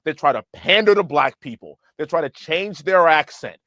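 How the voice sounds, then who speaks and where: A man's voice: fairly high pitch, expressive, moderate pace, pushed and bright, dry recording. A man speaking as a congressman guest in a political interview, emphatic and impassioned. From United States.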